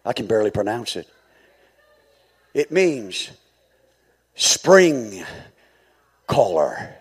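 A man preaching a sermon as pastor, swinging from quiet, low passages to high, shouted calls. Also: very animated, drawn-out words, husky.

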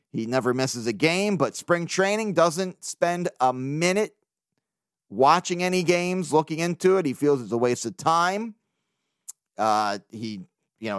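A man's voice: a little high, no echo, studio quality. A man hosting a casual solo sports podcast, talking in a loose, joking way, swearing now and then and laughing often. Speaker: podcast host.

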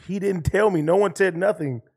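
A man's voice: high-pitched, fairly quick, creaky, darkish tone, husky. A man co-hosting a podcast, talking casually in a blunt, profane, teasing way.

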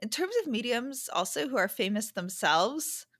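A woman's voice: a little high, lively intonation, normal speed, a bit bright, no room sound. Female podcast host, conversational and frank, dry close recording. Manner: chatty, candid, self-correcting asides. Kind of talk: casual podcast monologue. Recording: dry close-mic sound.

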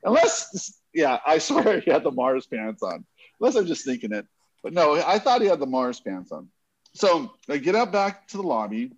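A man telling a casual, rambling anecdote in an animated way, often restarting his sentences. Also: a little high, normal speed, breathy edge, muffled recording. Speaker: guest telling a story.

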